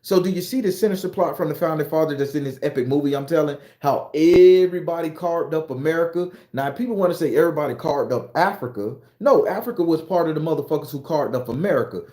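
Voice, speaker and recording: A man's voice: on the high side, fast talker, few pauses, echoey room. A man telling a profane, emphatic story in a casual monologue, lecturing his viewers as an online storyteller. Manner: animated, emphatic, swearing freely. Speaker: online storyteller and tarot reader.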